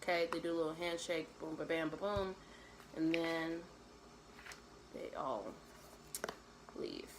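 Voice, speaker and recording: A woman's voice: sits low, unhurried, long pauses, background noise. A young woman retelling a classic play in casual slang, mixing read verse with her own summary and often adding "right?".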